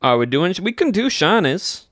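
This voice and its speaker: A man's voice: high-pitched, big pitch swings, normal speed, fairly bright tone, dry recording, studio quality, voice pushed up. A young man doing a put-on Southern US accent as a folksy cowboy, chatting to his stream with a drawl. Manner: folksy drawl, says y'all. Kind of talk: casual livestream chat.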